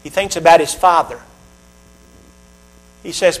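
A man's voice: high voice, moderate pace, a bit bright, low-quality recording. A middle-aged man preaching a sermon, talking straight to his congregation with emphatic, repetitive phrases that swell in volume.

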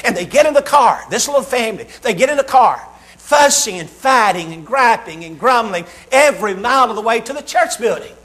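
A man's voice: high voice, animated, brisk, a bit bright. A man preaching a sermon, reading scripture and telling a humorous story with acted-out voices.

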